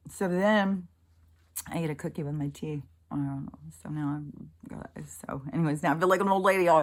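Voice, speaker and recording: Woman, slightly low pitch; loose, animated solo vlog delivery with frequent swearing. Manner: animated, exasperated, swears freely. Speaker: spiritual vlogger. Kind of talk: casual rambling monologue.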